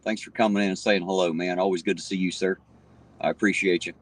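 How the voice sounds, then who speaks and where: This livestream host talks fast in a low, steady voice with an Appalachian accent. Chatting casually from his vehicle at night, he greets viewers by name in a folksy, talkative way, heard through a distant mic amid loud road noise.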